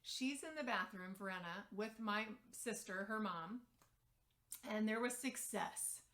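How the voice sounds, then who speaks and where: A woman's voice: medium pitch, a little slow, a bit bright. A woman speaking as a parent coach, telling a story and giving advice directly to the camera in a conversational way with the occasional filler.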